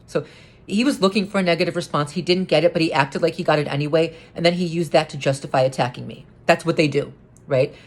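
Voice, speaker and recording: A woman casually retelling a confrontation to camera, rambling and repeating herself with an indignant, earnest tone. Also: sits low. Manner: rambling, repeats words and restarts often. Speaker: vlogger recounting an incident.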